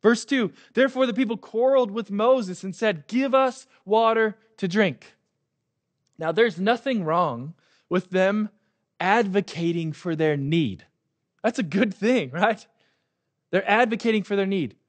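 A man's voice: high-pitched, lively intonation, unhurried. A man preaching a sermon as pastor, conversational and often checking in with "right?".

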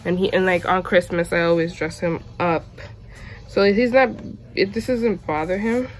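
A woman vlogging at home, chatting casually to the camera and switching to high coaxing baby talk with her dog. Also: normal speed.

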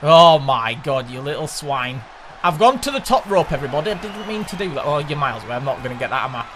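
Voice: medium pitch, big pitch swings, quick pace, fairly bright tone, a little hiss or hum. A player commentating on a wrestling video game, full of exclamations and mock outrage. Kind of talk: excited let's-play commentary.

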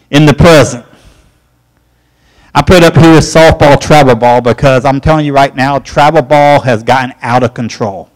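A man leads a church Bible class in a folksy, conversational way. His voice sits a little higher than most men's. He climbs even higher and gets insistent when he drives a point home. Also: rough recording. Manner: folksy, emphatic, rising pitch when pressing a point. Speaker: Bible study teacher.

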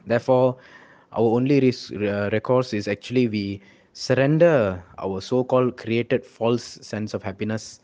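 A man, giving a sermon with a story, earnest and animated, often asking "right?". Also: mid-range voice, a little slow. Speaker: monk preacher.

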